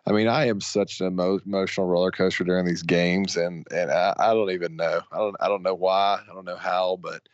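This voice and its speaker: A fairly low-voiced man co-hosting a sports podcast. He rambles, stops and restarts as he talks about his team. His voice comes through a dull, muffled, dry line. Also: clear, resonant tone, no room sound. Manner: rambling, halting, many restarts, excitable fan. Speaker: podcast co-host. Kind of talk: casual sports talk.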